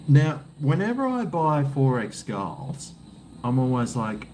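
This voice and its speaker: A man's voice: medium pitch, animated, unhurried, a little mellow, slight background noise. A middle-aged Australian man chatting casually on a live stream while drinking beer, rambling, joking and swearing freely.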